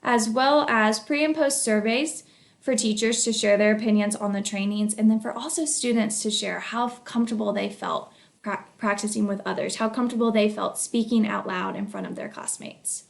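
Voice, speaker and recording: A woman with a mid-range voice and noticeable vocal fry walks through a school project she led as a technology coach. She speaks in an earnest, measured way and often fills pauses with ums and uhs. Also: mid-range voice, steady tone. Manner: earnest, measured, with frequent fillers. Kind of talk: recorded capstone project presentation.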